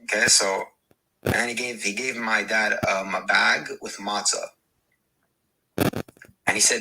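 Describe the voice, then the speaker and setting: A man guesting on a podcast, telling a story in a halting way with many repeats and restarts. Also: on the low side, fairly even intonation. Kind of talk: casual debate and personal story. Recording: clear background hiss.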